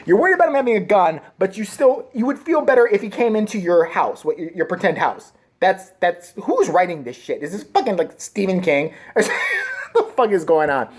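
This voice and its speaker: A woman's voice: mid-range voice, very animated, fairly quick, a little mellow. A woman vlogger delivering a crude, sarcastic comedic rant. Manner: crude, sarcastic, swings into mocking voices.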